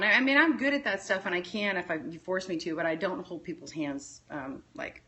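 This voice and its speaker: Texas lady rambling thru a story on a phone livestream, bright and punchy. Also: lowish voice, brisk, hardly any pauses. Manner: rambling, tangent-prone storytelling. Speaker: interview guest. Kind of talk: casual chat.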